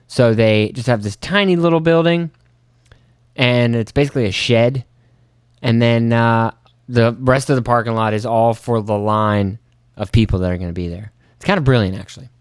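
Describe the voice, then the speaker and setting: A young man rambles through a story on his own podcast, swearing freely and mimicking his own flustered reactions with sudden high-pitched bursts. His voice sits in an ordinary middle pitch. The sound is dry and close, with no room around it. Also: clean tone, dry recording. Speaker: podcast host. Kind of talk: casual solo storytelling.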